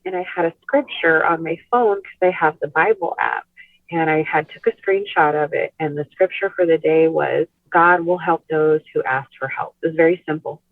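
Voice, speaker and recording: A woman recounts a painful personal memory in a soft, unhurried voice, full of small fillers and restarts. The sound is thin and phone-like, and it is dry with no room echo. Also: deep voice, vocal fry. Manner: soft-spoken, many "like" and "you know" fillers. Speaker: podcast guest. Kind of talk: emotional personal storytelling. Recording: tinny phone line.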